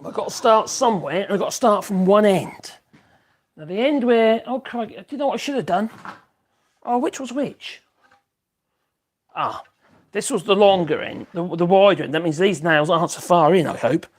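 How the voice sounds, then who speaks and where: A man's voice: sits high, lively intonation, moderate pace, pauses often. A man chatting casually while he works in his home workshop, rambling and exclaiming as he goes. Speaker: woodworking live streamer. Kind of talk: casual live-stream chat while working. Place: home workshop, a bit echoey. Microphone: external mic.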